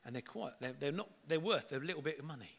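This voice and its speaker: A man's voice: a little high, expressive, fast talker, creaky, breathy edge. A middle-aged man giving a playful, chatty children's talk at church.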